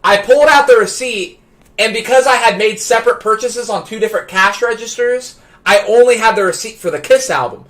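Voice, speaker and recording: A man on a live stream telling a story from his childhood, excitable, stumbling over restarts and working up to shouts. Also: sits high, fairly quick. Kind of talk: animated anecdote telling.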